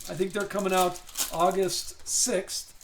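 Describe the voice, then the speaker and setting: A young man with a high-pitched voice hosts a live card-opening stream. He talks casually to viewers, thinks out loud and reads names as he pulls each card. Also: little pitch movement, measured pace, background noise. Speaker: card break host.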